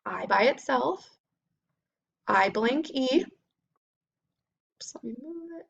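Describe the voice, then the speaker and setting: A woman teacher giving a phonics lesson to children, spelling out sounds slowly and clearly. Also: sits high, expressive, muffled recording.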